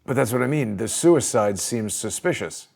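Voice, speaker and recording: A man's voice: medium pitch, expressive, moderate pace, gravelly, darkish tone. Dry-spoken male interview host. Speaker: show host. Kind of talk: casual interview talk.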